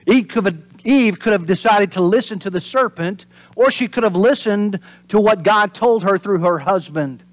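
A pastor delivering a sermon in an animated preaching manner. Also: male voice, sits high, moderate pace, dry recording. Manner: animated preaching, acts out voices and drops to whispers for emphasis.

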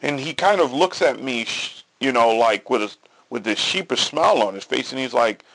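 Gravelly, lively-voiced man hosting a podcast. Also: medium pitch, moderate pace. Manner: storytelling with quoted dialogue, repeats and restarts. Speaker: podcast host. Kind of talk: casual political monologue.

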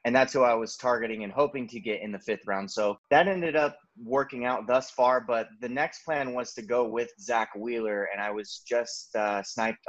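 A man's voice: medium pitch, fairly even intonation, normal speed, few pauses. A man talking as a podcast guest, explaining his choices in a matter-of-fact, casual way. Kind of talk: casual chat. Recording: dull lo-fi audio.

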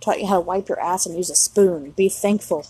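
A woman's voice: lowish voice, a little fast, warm tone, breathy edge, no room sound, low-quality recording. A woman in her thirties, a mother, talking outdoors at night in a blunt, heavily profane, rambling solo vlog monologue. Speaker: mother of young children.

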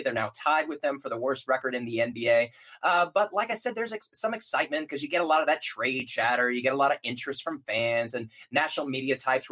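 Guy hosting a hoops podcast, talks fast, friendly and chatty. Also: medium pitch, a bit bright. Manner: upbeat, chatty. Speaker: podcast host. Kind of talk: casual sports podcast chat.

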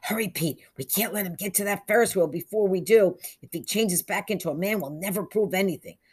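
A woman voicing a bold young boy who talks in an eager, urgent way, pitched above her own voice. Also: expressive, moderate pace, slightly rough.

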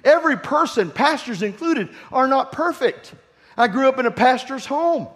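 Guy pastor preaching, high voice, asks the crowd to say amen, jokes about his kids, echoey church hall. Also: lively intonation, moderate pace, fairly bright tone. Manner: call-and-response preaching with humorous family stories. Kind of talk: sermon. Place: church sanctuary. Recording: long hall reverb.

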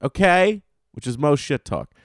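Animated, profane male podcast host. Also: on the high side, unhurried, dry recording, studio quality. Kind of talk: comedic solo rant.

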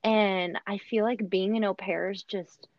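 A woman's voice: medium pitch, a little slow, no echo. A young American woman who talks animatedly, telling stories in a casual chat with lots of fillers. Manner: animated, storytelling, many fillers. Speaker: guest, former au pair. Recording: dull, dry lo-fi recording.

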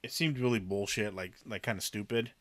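A man's voice: lowish voice, a little fast, a bit bright, no echo. A man co-hosting a casual movie review chat in a laid-back, hedging way. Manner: laid-back, hedging, says kinda and like a lot. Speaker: podcast co-host.

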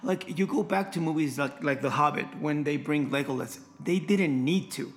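An enthusiastic man gushing about a movie in casual chat, with a somewhat high voice. He stumbles and repeats words as he tries to get his thoughts out. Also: normal speed. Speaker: movie fan discussing a film.

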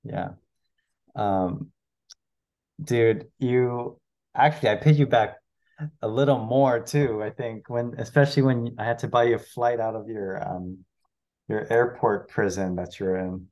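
A man's voice: medium pitch, steady tone, measured pace, a little mellow. A man hosting a podcast in casual chat, easygoing and laughing along with his guest. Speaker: podcast host.

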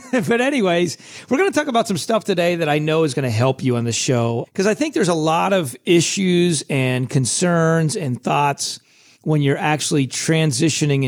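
A middle-aged man with a hoarse, scratchy voice, hosting a casual solo podcast in a chatty, self-deprecating way. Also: mid-range voice. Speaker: podcast host.

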